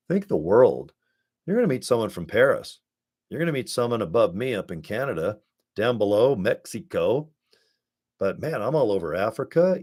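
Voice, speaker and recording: An American man giving a casual, rambling pitch to viewers from his home desk, talking through a webcam with chummy asides. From United States. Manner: rambling, chummy, animated asides with acted quotes. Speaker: network marketing promoter. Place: home desk setup with screens and ring light.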